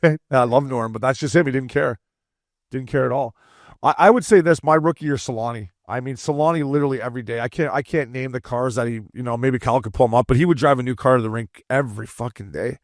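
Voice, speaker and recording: A man co-hosting a hockey podcast, telling profane, animated locker-room stories and acting out quotes. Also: medium pitch, fast, dry recording, clean studio sound. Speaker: podcast co-host, former hockey player. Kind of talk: casual chat.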